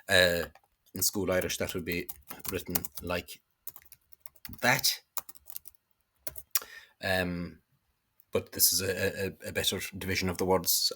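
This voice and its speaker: A man explaining Irish words and spelling in a hesitant lesson, pausing often on fillers and stressing each Irish word he quotes. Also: low-pitched, fairly bright tone, breathy edge. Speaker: Irish language teacher.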